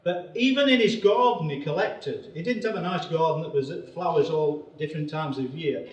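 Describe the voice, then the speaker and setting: A man's voice: fairly high pitch, moderate pace, highs cut off. An older man from the north of England, telling comic stories in a sardonic, mock-serious way. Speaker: comic performer and poet. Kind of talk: wry stand-up storytelling. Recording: roomy, far from the mic.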